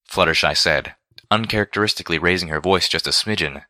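A man reading a fan-fiction story aloud in a steady storytelling manner. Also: deep voice, fast talker, no room sound, clean studio sound. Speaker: reader.

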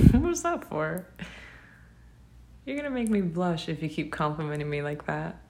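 A young woman, speaking gently and tenderly to a partner in a whispered role-play, with soft laughs. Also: deep voice, normal speed. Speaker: affectionate partner.

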